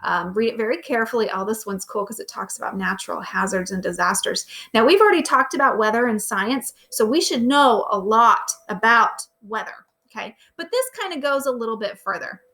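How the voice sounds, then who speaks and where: Animated and fairly quick, with a sharp tone and hardly a pause, a woman with a highish voice leads a recorded remote lesson. She's a grade-school teacher taking her pupils through the day's material and patiently asking them simple questions.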